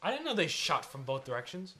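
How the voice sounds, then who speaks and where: A man giving casual let's-play commentary, excitable, with profane outbursts. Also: a little high, fast, slightly rough. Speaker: gaming channel host.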